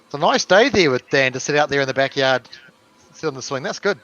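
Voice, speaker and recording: A man with a New Zealand accent, a guest on a casual livestream, joking and chiming in with quick remarks. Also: mid-range voice, expressive, a bit bright, muffled recording. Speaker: stream guest. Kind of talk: casual chat.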